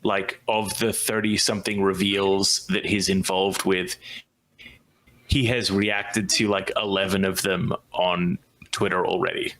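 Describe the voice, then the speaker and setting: A man with a low voice and a bright, forceful tone, talking casually on a podcast. He wanders through his ideas and ribs his co-hosts along the way. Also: flat delivery, a little slow, low-quality recording. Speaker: podcast co-host. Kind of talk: casual chat.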